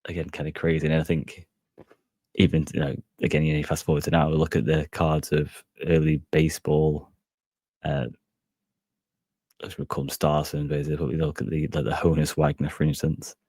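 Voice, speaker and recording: A podcast host with an extremely deep, husky voice, talking in a flat, rambling way full of fillers and hedges. The sound is dry and close, with no room around it. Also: male voice, moderate pace, dry recording. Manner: rambling, hedging with many fillers. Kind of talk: casual solo podcast chat.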